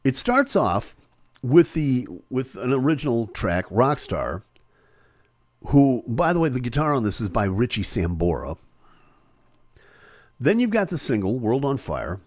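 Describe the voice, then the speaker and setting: A man's voice: medium pitch, very animated, a little mellow, no echo, clean studio sound. A male host in casual live-stream chat, reading comments and talking with many fillers and restarts. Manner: chatty, halting with fillers and restarts.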